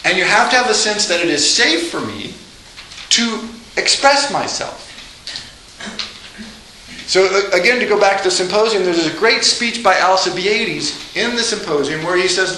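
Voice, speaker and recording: A man giving a classroom lecture, animated, acting out quoted dialogue with laughs. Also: high-pitched, normal speed. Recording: echoey room with faint noise.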